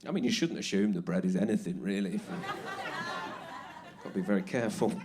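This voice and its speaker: A male comedian telling a story on a theatre stage, with deadpan punchlines and a dry delivery into a stage microphone. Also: fairly low pitch, fast talker, over a noisy crowd, heavy background noise. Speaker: stand-up comedian. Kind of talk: stand-up comedy set.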